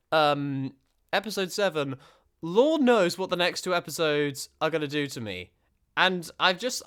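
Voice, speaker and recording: A man hosting a casual reaction video, talking in an excitable, rambling way. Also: fairly high pitch.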